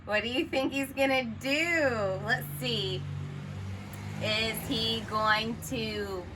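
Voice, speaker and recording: A woman's voice: a little high, takes it slowly, noisy background. A woman teacher reading a children's picture book aloud, expressively, and stopping to ask the listener questions.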